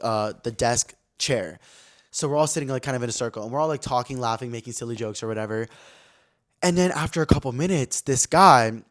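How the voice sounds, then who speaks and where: A man's voice: medium pitch, a bit bright. A man hosting a podcast, telling a rambling, gossipy story in casual chat and filling it with "like". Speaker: podcast host.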